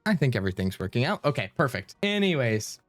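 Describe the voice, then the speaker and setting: A flustered male streamer talks through his stream settings, rambling and thanking viewers as he goes. His voice sits at an ordinary middle pitch, and faint music plays behind him. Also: big pitch swings, quick pace. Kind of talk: live-stream chatter.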